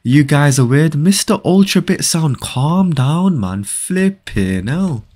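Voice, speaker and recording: Lively young man streaming games. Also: a little high, slow. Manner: joking banter, teasing viewers, frequent laughs. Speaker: game streamer. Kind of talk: live gameplay stream, reading chat aloud.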